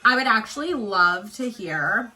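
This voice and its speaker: A psychic medium woman rambles through a personal story in a chatty, filler-heavy way, emotional at moments. Her voice is bright and forceful. Faint music plays behind her. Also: mid-range voice, lively intonation, a little slow, rough recording. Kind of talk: casual get-ready-with-me storytelling.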